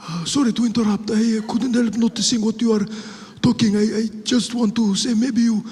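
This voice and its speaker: A man voicing a timid, polite male passenger who stammers apologetically, with his voice pitched higher. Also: steady tone, a little mellow. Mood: nervously polite. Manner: halting, apologetic, full of uh.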